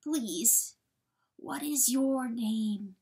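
A woman reading a storybook aloud, voicing a bewildered, grieving father coyote who pleads in halting, breathy, hushed words. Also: a little high, distant mic, exaggerated voice. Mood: pleading. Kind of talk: dramatic audiobook reading.

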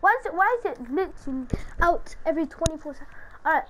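A woman giving casual commentary over her own gameplay, excitable and taunting other players. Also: high voice, fast, slight background noise, low-quality recording.

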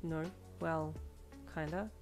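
A woman voicing a quiet, apathetic teenage girl who speaks softly and hesitantly. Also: sits low, steady tone, slow, faint music behind. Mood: shy. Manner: soft, hesitant, casual.

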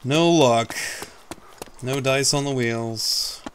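A man talks through his own gameplay in a loose, rambling way, joking at his own expense and swearing offhand. His pitch sits in a middling range. A faint hiss of noise runs under the recording. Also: extremely slow. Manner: rambling, self-mocking, swears casually. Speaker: gaming YouTuber. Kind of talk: casual gameplay commentary.

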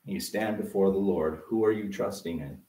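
A man's voice: deep voice, normal speed, mellow, distant mic. Man preaching in an echoey church. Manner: conversational, acts out quoted voices. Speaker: pastor. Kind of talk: sermon. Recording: echoey room, voice off-mic.

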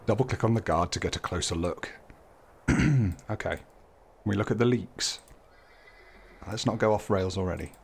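A man's voice: on the low side, moderate pace, creaky, pauses often, slight background noise. A man hosting a casual let's play, chatting along and reading on-screen text aloud with light jokes. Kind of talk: casual gameplay commentary. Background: game music.

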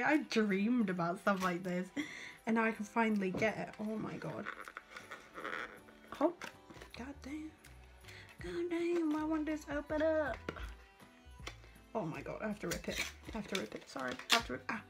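A young woman vlogging casually, gushing and exclaiming as she unboxes makeup. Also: medium pitch. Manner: excitable, gushing, lots of exclamations. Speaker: beauty vlogger. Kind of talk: casual vlog chat. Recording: music playing under the voice.

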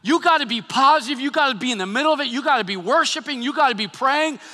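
A man preaching a sermon as pastor, animated and acting out quotes, often repeating his words. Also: very high-pitched, fast talker. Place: church sanctuary. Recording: long hall reverb.

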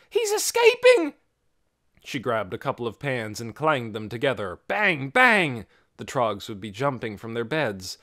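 A man reading an audiobook aloud with expressive storytelling. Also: fairly low pitch, dry recording, studio quality. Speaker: audiobook narrator. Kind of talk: scripted audiobook narration.

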